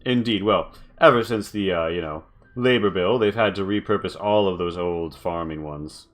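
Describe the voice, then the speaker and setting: A man voicing a posh woman who flatters and schmoozes strangers with a sales-pitch gush. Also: moderate pace, natural voice. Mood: gossipy.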